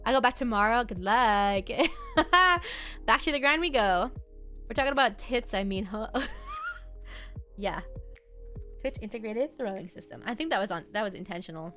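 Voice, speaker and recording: A young woman chats casually to her viewers, rambling from one thing to the next. Her voice sits a little high, and she laughs often between thoughts. Soft music plays faintly behind her. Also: animated. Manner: chatty, rambling, quick to laugh. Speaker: streamer. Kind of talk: casual chat.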